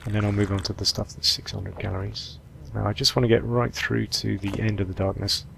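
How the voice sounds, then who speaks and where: A man giving relaxed let's-play commentary, thinking aloud as he sorts through supplies and plans his next move. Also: fairly low pitch, a little fast, creaky, slight background noise. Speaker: gameplay commentator.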